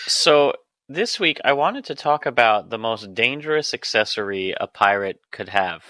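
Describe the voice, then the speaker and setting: A man hosting a podcast in casual, joking banter, teasing his co-host with playful questions. His voice is bright and forceful, at a middling pitch for a man. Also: expressive, moderate pace. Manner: playful, jokey, teasing quiz-style questions. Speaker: podcast co-host, internal medicine doctor.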